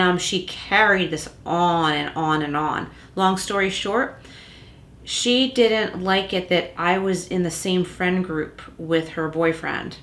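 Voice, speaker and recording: A woman's voice: low-pitched, a bit bright, echoey room. A woman giving a tarot reading at home and speaking straight to the listener in a reassuring way. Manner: reassuring, addresses the listener directly. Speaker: tarot reader. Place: room at home with a closed door.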